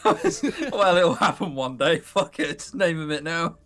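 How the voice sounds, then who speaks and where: A man's voice: on the high side, measured pace, a bit bright, faint music behind. A man bantering on a live stream, joking around and teasing his co-host.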